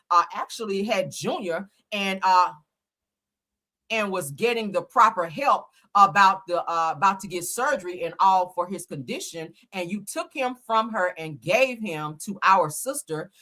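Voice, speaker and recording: A woman hosting a casual gossip show, talking in a profane, animated way and laughing often as she reads posts aloud. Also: medium pitch. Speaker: host.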